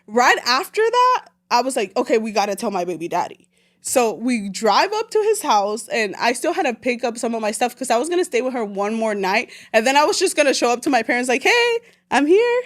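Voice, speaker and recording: Late-20s woman from el salvador, kinda high voice, chatty and slangy, switches into spanish bits. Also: fast talker. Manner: animated, slangy, mixes in Spanish phrases. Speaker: guest. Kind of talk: casual storytelling chat.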